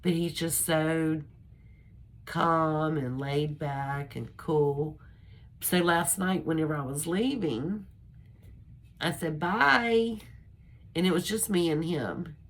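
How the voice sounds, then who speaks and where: Older woman, low voice, slow unhurried talk, rambling homespun vlog chat. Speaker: vlogger. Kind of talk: casual personal chat to camera.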